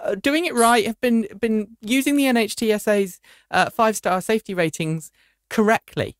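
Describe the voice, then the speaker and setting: A woman hosting a car news podcast panel, talking in a playful, animated way. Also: on the high side, moderate pace, dry recording, studio quality. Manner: animated, playful, lots of restarts and laughs. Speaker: podcast host.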